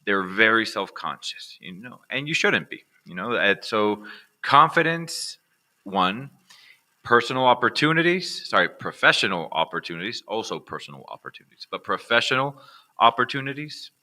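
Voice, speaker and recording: An American man teaching accent reduction in a relaxed, conversational way, often checking in with "all right". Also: lowish voice, normal speed. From United States. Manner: casual, repeats "all right" as a check-in with viewers. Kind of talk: recorded online lesson.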